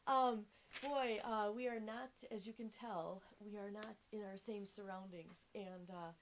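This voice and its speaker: A woman's voice: mid-range voice, fairly even intonation, measured pace, slight background noise. A woman co-hosting a casual livestream from a relative's house, chatting and hesitating with many fillers, filmed on a phone. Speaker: co-host. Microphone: phone camera.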